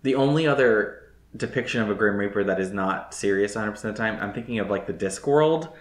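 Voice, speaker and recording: A podcast co-host in casual chat, soft-spoken and agreeable, with short affirmations. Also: mid-range voice, quick pace, reverberant.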